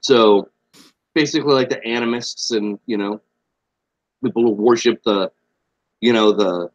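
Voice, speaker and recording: A man's voice: fairly low pitch, unhurried, no echo, muffled recording. A young man co-hosting a podcast, laid-back and blunt, swearing freely in casual chat. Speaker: podcast co-host.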